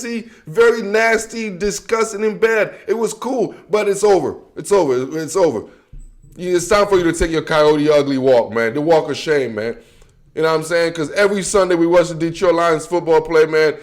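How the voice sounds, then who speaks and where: A man with a notably high voice delivers a casual sports rant straight to camera. He talks bluntly and with heat, using loose slang and repeating filler like "man" and "bro" at the end of lines. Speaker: football commentator.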